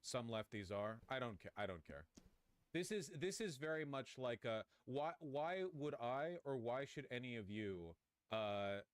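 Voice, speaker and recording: A man's voice: mid-range voice, lively intonation, unhurried, clear, resonant tone, no room sound. A man hosting a live stream, reacting to clips in rambling, profane commentary with frequent restarts. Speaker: streamer host.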